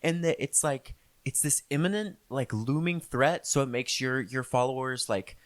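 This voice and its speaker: A woman's voice: very deep voice, moderate pace, no echo. A young woman in her twenties co-hosting a podcast, speaking bluntly and sarcastically and swearing freely. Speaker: podcast co-host. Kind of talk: casual podcast chat.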